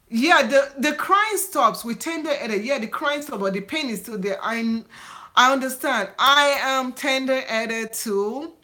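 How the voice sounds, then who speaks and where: Chatty middle-aged woman hosting a live chat. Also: fairly high pitch. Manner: chatty and warm-hearted, laughs often. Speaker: YouTube channel host.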